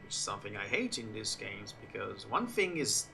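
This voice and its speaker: A man's voice: fairly low pitch, very animated, moderate pace, gravelly, bright, forceful tone, slight background noise. A man whose first language is Italian, streaming a game and chatting casually in English in a rambling way. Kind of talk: casual gameplay commentary.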